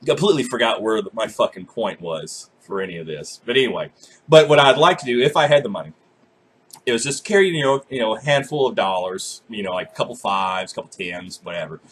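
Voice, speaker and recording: Husky young man ranting with lively swings. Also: lowish voice, fairly quick. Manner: swearing, animated, self-mocking. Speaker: vlogger. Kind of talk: profane comedic rant to camera.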